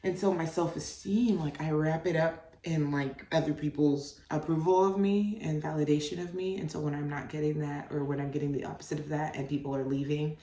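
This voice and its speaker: With a low, dark, steady voice, a young adult woman talks a little fast and barely pauses while hosting her solo podcast. She's a mother who rambles candidly, heavy on "like" fillers and casual swearing. The recording is roomy, and she's positioned away from the mic.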